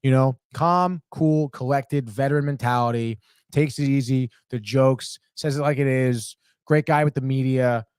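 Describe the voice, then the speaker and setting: A young man hosts live sports talk in a medium-pitched, slightly mellow, clean-toned voice at normal speed, recorded in clean studio sound without room noise. As a sports podcast host he's profane, rambling, and heated, repeatedly saying "dude" in casual chat.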